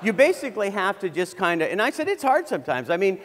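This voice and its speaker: A man's voice: high voice, big pitch swings, quick pace, a bit bright, a little hiss or hum. A middle-aged man giving a humorous keynote on stage, telling a story in a conversational way with many restarts. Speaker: keynote speaker. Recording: reverberant hall.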